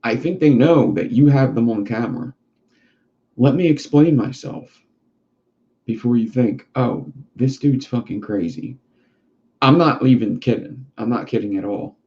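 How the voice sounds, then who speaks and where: A man's voice: medium pitch, normal speed. A man hosting a casual livestream chat who rambles and swears freely. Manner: profane, rambling. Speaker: livestream host. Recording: dull lo-fi sound.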